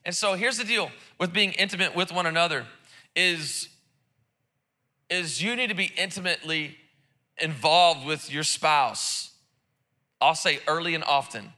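A man's voice: on the high side, measured pace, pauses often, bright, forceful tone. A man preaching a sermon in church, casual and joking, with lots of repeated words and restarts. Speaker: pastor. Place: church service.

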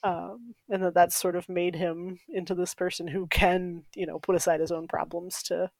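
A woman's voice: lowish voice, steady tone, moderate pace, a little mellow, no room sound. A woman co-hosting a podcast, chatting casually and thoughtfully about a TV show, laughing often. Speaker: podcast co-host. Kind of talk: casual chat.

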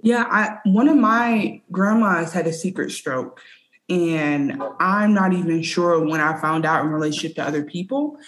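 Lower-voiced woman sharing personal stories. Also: normal speed. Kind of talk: casual chat about a TV episode.

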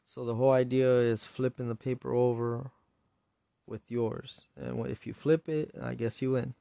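A man's voice: medium pitch, level tone, normal speed, gravelly, mellow, dry recording, studio quality. A man hosting a solo podcast, casually retelling and reviewing a show episode in a rambling, profane way. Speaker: podcast host.

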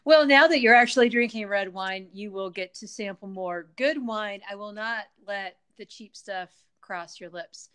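A woman's voice: medium pitch, moderate pace, hardly any pauses, fairly bright tone, smooth. A middle-aged woman hosting a podcast, chatting casually and enthusiastically. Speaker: podcast host. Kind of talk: casual chat.

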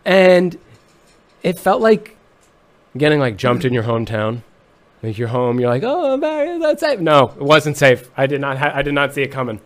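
A young man, a musician, on a podcast, chatting casually in a deadpan, mock-serious joking way. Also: medium pitch, moderate pace. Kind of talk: casual comedic chat.

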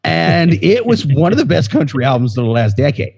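A man co-hosting a casual podcast, crude and jokey, quick with comic bits. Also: on the high side, sing-song, creaky, a little mellow, husky, muffled recording, soft background music. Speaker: podcast co-host.

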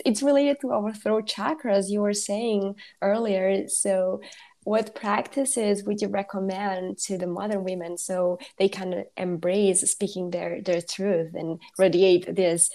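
Slow-speaking woman podcast host. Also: medium pitch, fairly even intonation. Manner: slow, warm-spoken, admiring, laughs softly. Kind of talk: casual interview talk.

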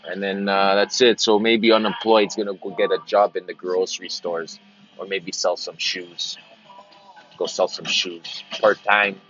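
A man's voice: low-pitched, flat delivery, measured pace, a bit bright, lo-fi sound, soft background music. A man hosting a podcast in a rambling casual monologue, repeating himself and wandering between stories. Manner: meandering, repeats phrases, slips into silly greeter voices. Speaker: podcast host.

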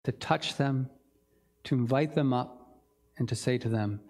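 A male pastor delivers a sermon in an earnest, reflective voice. His pitch sits in an ordinary middle range, and he talks his way through the text with the odd filler and restart. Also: measured pace, darkish tone.

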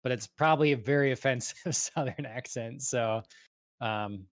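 A man hosting a casual stream chat, relaxed and a bit hesitant, with many fillers. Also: mid-range voice, moderate pace, no echo, clean studio sound. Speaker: stream host.

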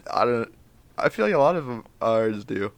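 A man's voice: medium pitch, expressive, moderate pace, no room sound. A young man co-hosting a podcast, laid-back and jokey in casual chat. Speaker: podcast co-host.

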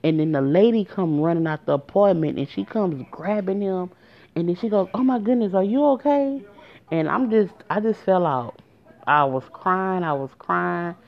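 A woman's voice: on the low side, normal speed, gravelly. A woman telling a personal story in a casual, emotional way, speaking directly to her listeners. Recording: muffled lo-fi recording.

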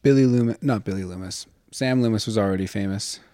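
A man co-hosting a podcast in casual chat, often chiming in with quick words of agreement. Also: fairly low pitch, warm tone, dry recording, studio quality. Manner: supportive, quick agreeing interjections. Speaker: podcast co-host.

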